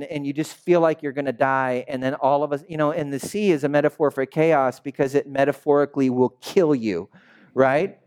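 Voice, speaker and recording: A man preaching a sermon as a pastor, telling the story in a lively, dramatic way, sometimes shouting and sometimes dropping to a hush. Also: on the high side, a little fast, clear, resonant tone. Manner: animated storytelling preacher, swinging between shouts and hushed asides.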